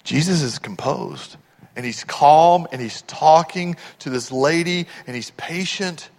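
High-voiced preaching man, echoing hall. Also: a little slow. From Texas, USA. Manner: animated storytelling, asks the congregation questions. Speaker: pastor. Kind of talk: sermon.

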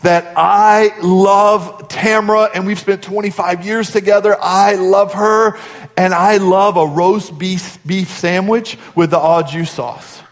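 A man's voice: high-pitched, fairly even intonation, slow pace. A man in his forties, a pastor giving a sermon in an earnest, conversational storytelling way. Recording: long hall reverb.

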